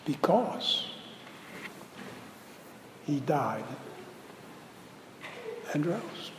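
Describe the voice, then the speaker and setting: Slow-preaching pastor in an echoey church. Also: male voice, on the high side, very animated, slight background noise. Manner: slow, deliberate preaching that swells to loud emphatic peaks. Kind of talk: sermon. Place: church sanctuary. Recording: roomy hall reverb with faint ambience.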